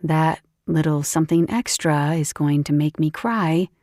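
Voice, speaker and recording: A woman voicing a playful, teasing young female shifter friend in an audiobook, pitching her voice a little lower. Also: measured pace, a little mellow, no room sound, studio quality.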